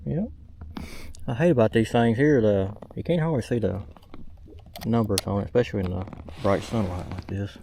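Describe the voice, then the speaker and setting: A young man with a lowish voice talks casually to a camera mounted on his kayak while fishing outdoors. He's a fishing vlogger speaking at a normal speed, plainspoken and full of fillers, pausing often over a noisy background.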